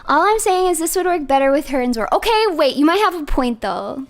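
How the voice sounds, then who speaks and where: Playful, chatty woman streamer with a high voice; soft music behind her. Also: very animated, quick pace. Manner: chatty, playful, laughs often. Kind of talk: casual livestream chat.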